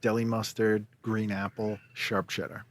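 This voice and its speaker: A man who is a comedian and podcast guest, trading dry deadpan quips in casual chat. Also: on the low side, measured pace, no echo.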